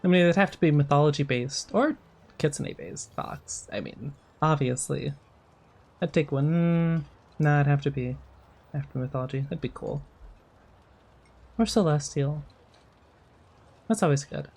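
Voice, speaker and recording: A woman's voice: low voice, unhurried, pauses often, darkish tone. A woman streaming a game, giving casual, playful commentary with sarcastic asides.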